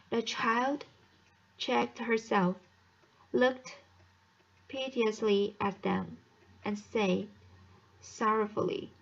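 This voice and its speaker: A woman's voice: fairly high pitch, fairly even intonation, very slow, gravelly, long pauses, dull audio. A young woman, a student, reading a novel aloud as an audiobook, carefully and with frequent stumbles and restarts. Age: young adult. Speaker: student reader.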